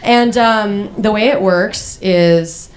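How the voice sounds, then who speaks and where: A woman's voice: mid-range voice, slow pace. A young woman performing a stand-up monologue, rambling and profane, full of "like" fillers and restarts, darkly mocking herself. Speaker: comedian.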